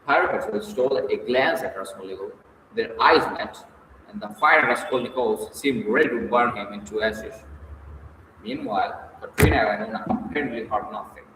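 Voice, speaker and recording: A man narrating a novel as an audiobook, in a measured storytelling manner. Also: mid-range voice, fairly bright tone. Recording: echoey distant room, long reverb, faint noise.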